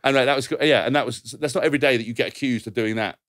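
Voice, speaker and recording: Bloke on a podcast, talks really fast, laughs and swears mid-story, dry close mic. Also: male voice, medium pitch, no echo. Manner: lively anecdotes, swearing, laughing mid-sentence, acts out quotes. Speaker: podcast co-host. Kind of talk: casual storytelling chat.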